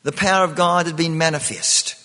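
A man's voice: fairly high pitch, steady tone, fairly quick, bright, forceful tone, long reverb tail. A man preaching a sermon, often repeating himself and restarting phrases.

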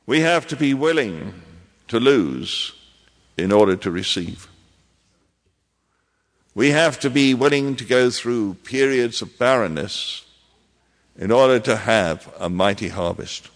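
A man preaching a sermon as pastor, in a measured way with emphatic repetitions. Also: medium pitch, expressive, big-room sound.

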